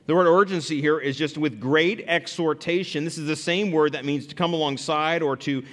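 A man preaching a sermon as pastor, earnest and lively, often restarting phrases as he explains scripture. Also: fairly high pitch, moderate pace, in a large hall.

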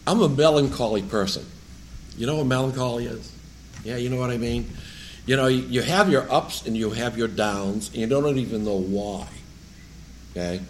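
A lay preacher with a New England accent reads scripture aloud, then teaches in a plain, chatty way. His voice sits at an average pitch for a man. He drifts into joking asides as he speaks from the pulpit of a church. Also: moderate pace, slight background noise. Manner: conversational and rambling, with joking asides. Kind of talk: sermon with scripture reading.

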